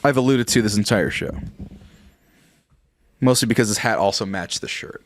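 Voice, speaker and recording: A man's voice: medium pitch, fairly bright tone, dry recording. A male podcast co-host, slightly tipsy, telling rambling, profane stories in casual chat on a close mic. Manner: rambling storyteller, swears freely.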